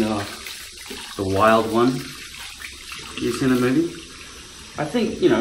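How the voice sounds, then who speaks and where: A man's voice: lowish voice, slight background noise. A man rambling casually on a vlog, swearing freely and drifting between topics. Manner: rambling, swearing, jumping into impressions. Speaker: vlogger. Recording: roomy sound from a distance.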